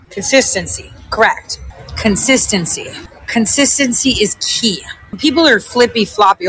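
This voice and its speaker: A woman's voice: medium pitch, bright, forceful tone, slightly rough, low-quality recording. A woman hosting a casual livestream, talking to viewers in a chatty, rambling way and swearing freely. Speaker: livestream host reading viewer comments.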